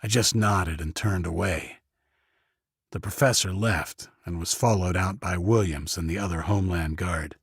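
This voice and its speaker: Low, husky man for first-person audiobook narration, dry booth sound. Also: moderate pace, dry recording.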